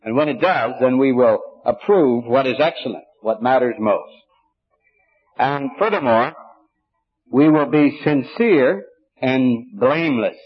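A man preaching a sermon, teaching in a measured, earnest way with frequent restarts. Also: medium pitch, breathy edge, highs cut off.

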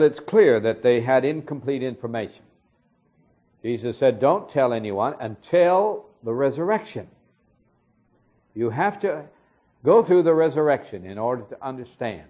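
A man preaching an expository sermon, explaining a Bible passage verse by verse in a measured way. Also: medium pitch. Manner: measured, explanatory, with occasional fillers. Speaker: Bible teacher. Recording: dull lo-fi recording.

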